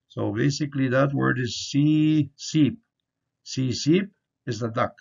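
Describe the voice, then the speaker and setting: A man with a gravelly, creaky voice gives an online pronunciation lesson, taking his time over each sound. He explains in a patient, folksy way. The audio is muffled and lo-fi. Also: medium pitch. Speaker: language teacher. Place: home or office, virtual conference.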